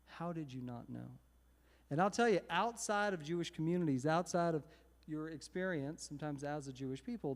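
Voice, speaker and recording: A man's voice: fairly high pitch, creaky. Chatty man in a reverberant hall. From Texas. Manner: chatty, animated, self-mocking humor. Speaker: singer-songwriter. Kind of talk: storytelling between songs at a live service. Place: synagogue sanctuary, live event. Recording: reverberant hall with guitar behind.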